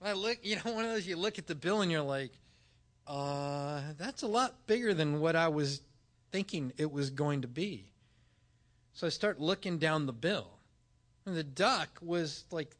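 A man preaching with a high, bright voice. He tells stories animatedly, acting out both sides of a conversation. The voice stays clear and forward throughout. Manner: animated storytelling, acting out dialogue. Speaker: pastor. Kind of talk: sermon with personal story.

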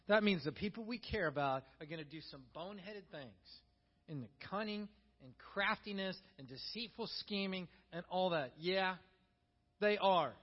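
A middle-aged male pastor preaching a sermon, telling stories with animated energy and acting out the voices of the people he quotes. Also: high voice, normal speed. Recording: long hall reverb, dull lo-fi sound.

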